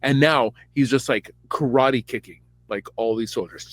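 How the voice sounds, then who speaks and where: A podcast host retelling a story in a casual, crude, rambling comic manner. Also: male voice, medium pitch, moderate pace, no echo. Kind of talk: comedic storytelling.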